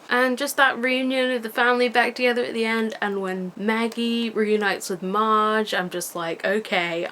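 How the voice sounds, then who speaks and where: A young woman chats straight into her camera with the loose, gushing ramble of a fan vlog. Her pitch sits in an ordinary middle range, and a faint hiss of noise hangs under her voice. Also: fairly bright tone. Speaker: vlogger. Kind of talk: casual rambling vlog chat. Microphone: camera mic.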